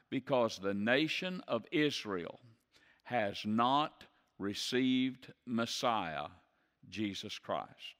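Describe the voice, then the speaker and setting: A male pastor delivers a sermon at a middle pitch, earnest and emphatic, leaning on repeated phrases. His voice carries a long reverb, as if it fills a church sanctuary. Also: lively intonation, slow pace, a bit bright.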